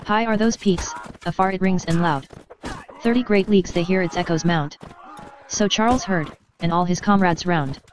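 A woman reading an epic poem aloud in a measured, steady recitation. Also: on the low side, a little hiss or hum, low-quality recording. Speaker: reader.

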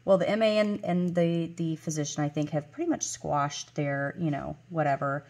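A woman's voice: low voice, moderate pace, a little mellow. A woman in her forties chatting casually, rambling through a story with fillers and self-corrections. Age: 40s. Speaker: vlogger. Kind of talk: casual chat while counting cash.

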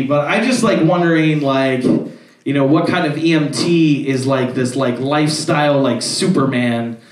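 Young man, stand-up comedian, rambling and swearing, slightly high voice, echoey club heard from off-mic. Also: moderate pace, far from the mic. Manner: rambling, heavy filler words and swearing. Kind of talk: stand-up set.

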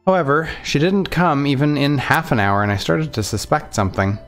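A man reading a visual novel aloud in earnest, steady first-person narration. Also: a little high, fairly quick, faint music behind. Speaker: let's play narrator.

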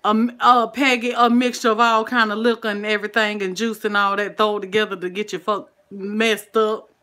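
A woman's voice: medium pitch, little pitch movement, normal speed, fairly bright tone. A woman with a Southern American accent hosting a cooking livestream, chatting casually and calling her viewers "honey" and "child". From Southern United States. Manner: folksy, sprinkles "honey" and "child", greets viewers by name.

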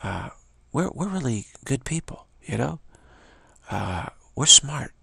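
A man's voice: medium pitch, big pitch swings, slow, vocal fry, bright, forceful tone, slightly rough, dry recording, clean studio sound. An older man musing to camera in a rambling monologue, stammering, repeating himself and asking "isn't it?". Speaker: vlogger.

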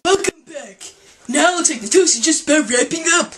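A woman hosting a spoof cooking show with a goofy, deadpan manner and sudden loud outbursts. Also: sits high, brisk, soft background music. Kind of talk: deadpan comic cooking demonstration. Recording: noisy home video recording.

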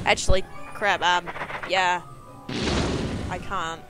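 A young woman commentating her own video game playthrough, excitable and self-mocking, yelping when things go wrong. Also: on the high side, a little slow. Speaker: let's play gamer. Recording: game music playing behind.

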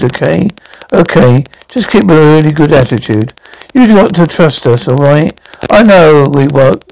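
Guy doing a fan audio drama solo, gravelly and kinda high voice, keeps tripping over words and restarting. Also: darkish tone, rough recording. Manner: halting delivery with frequent stumbles and restarts. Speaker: fan audio drama reader voicing all roles. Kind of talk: amateur radio-drama reading.

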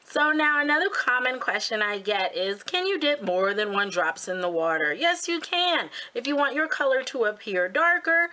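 Bubbly, bright-voiced woman vlogger. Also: high voice, big pitch swings, normal speed, hardly any pauses. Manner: bubbly, gushing, talks straight to viewers. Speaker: beauty and craft vlogger, channel host. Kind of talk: casual DIY tutorial talk.

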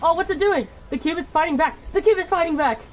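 A gamer reacting to a game cutscene with loud, excitable exclamations. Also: extremely high pitch, fast talker.

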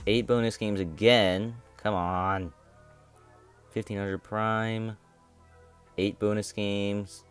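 A man's voice: on the low side, level tone, slow pace, long pauses, smooth, soft background music. A young man hosting his own gaming channel, commentating a mobile game box opening in a frustrated, complaining way and repeating himself.

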